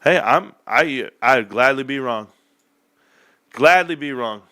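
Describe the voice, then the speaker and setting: Male streamer, bright sharp tone, dry close sound, sarcastic heated delivery. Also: mid-range voice, animated, slow pace, no echo. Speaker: livestream host reading chat. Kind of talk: live-stream rant about stocks.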